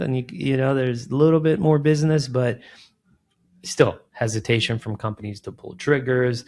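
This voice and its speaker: A man's voice: mid-range voice, normal speed, gravelly. A middle-aged man, a business founder in an interview, chatting casually and acting out quoted dialogue with lots of "man" and "like". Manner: animated storyteller, acts out quoted dialogue, frequent "man" and "like". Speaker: recruiting firm founder, guest.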